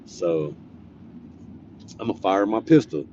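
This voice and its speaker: Brief: laid-back man from California, slangy and profane, recorded in a car with clear traffic noise. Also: low voice, animated, takes it slowly, darkish tone, lo-fi sound. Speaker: storyteller vlogger. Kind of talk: casual storytelling.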